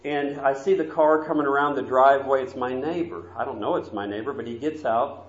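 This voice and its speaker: A man preaching a sermon in a church, telling a story earnestly and sometimes dropping to soft, quiet asides. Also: mid-range voice, a little fast, slight background noise. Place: church sanctuary. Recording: dull, roomy church recording.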